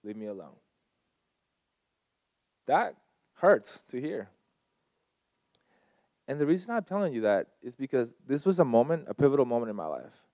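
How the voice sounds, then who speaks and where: Earnest guy telling his own story to a crowd, mellow warm voice, dry sound. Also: medium pitch, very animated, moderate pace, long pauses, dry recording. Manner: earnest, storytelling, emphatic swings in loudness. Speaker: speaker at a community gathering. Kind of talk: personal talk to a live audience.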